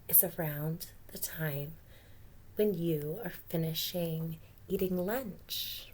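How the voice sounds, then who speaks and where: A woman teacher reads a picture book aloud in a slow, unhurried way, with a lowish voice. She is gentle and stops often to explain words and pose questions to young listeners.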